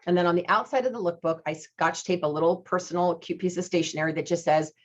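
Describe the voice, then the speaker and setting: A woman's voice: on the low side, fast talker, dull audio. A woman giving a chatty, upbeat sales training talk, acting out phone calls with customers as she teaches. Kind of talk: instructional talk with retold dialogue.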